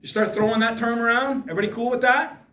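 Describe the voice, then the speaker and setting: Addressing students in a school hall, a man speaks fast in an extremely high, pushed, bright voice with a steady tone. His emphatic motivational talk is full of rhetorical questions, captured from a distance in an echoey room.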